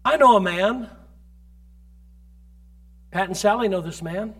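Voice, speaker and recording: High-voiced man preaching a sermon. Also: slow pace. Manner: emphatic preaching with loud, shouted peaks; storytelling, recounting ministry experiences. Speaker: pastor.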